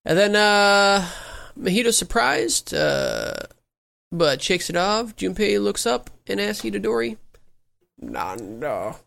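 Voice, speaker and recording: Gravelly man recapping an anime episode. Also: high voice, a bit bright. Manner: recaps plot with fillers, quick laughs. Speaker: podcast co-host recapping episode.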